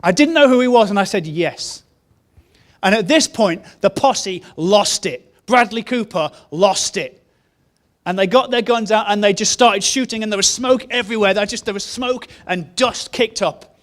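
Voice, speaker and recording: A man's voice: high-pitched, moderate pace, a bit bright. A man preaching a sermon, telling a story in an earnest way and repeating key phrases. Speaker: pastor.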